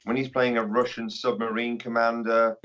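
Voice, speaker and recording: A man's voice: mid-range voice, flat delivery, moderate pace, fairly bright tone. A man, a guest on a podcast, talking with wry dry humour over a muffled remote line. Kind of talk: casual chat.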